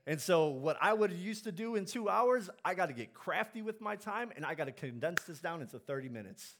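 A male pastor delivers an animated sermon in church, swinging between loud exhortation and quiet, earnest asides. His voice sits high and his delivery is brisk.

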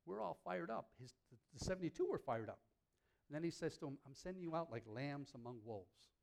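A man preaching a sermon to a congregation in a church hall, lively and joking, his pitch leaping up on punchlines. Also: a little fast, gravelly. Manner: animated, jokes with the congregation, pitch leaps up on punchlines.

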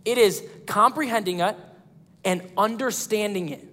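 A man preaching a sermon as pastor of a church, animated, acting out quoted voices. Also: sits high, moderate pace, in a large hall.

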